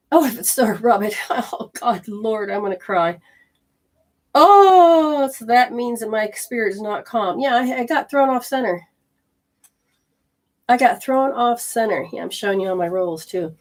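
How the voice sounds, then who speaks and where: A woman hosting a healing show, talking straight to the viewer, emphatic and folksy, with rhetorical questions and exclamatory asides. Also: on the high side. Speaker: host and energy healer. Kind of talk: instructional health show.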